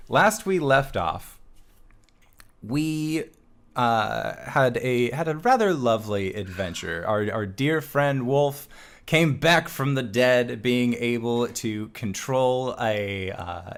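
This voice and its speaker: A man running a tabletop game as dungeon master, chatting casually to his stream audience and a little out of breath. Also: mid-range voice. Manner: chatty, rambling, laughs often. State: a bit out of breath.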